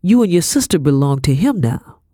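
A woman's voice: sits low, sing-song, dark tone, dry recording, studio quality. A woman reading a storybook, voicing a formal, cautious male pastor who evades hard questions. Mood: stiff, formal. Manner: formal, evasive, measured. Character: stiff, cautious man, a pastor.

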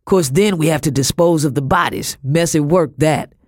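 A man voicing a burly, coarse officer who growls his words slowly. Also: a little high, a little mellow, no echo, clean studio sound. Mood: menacing. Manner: growling, slow.

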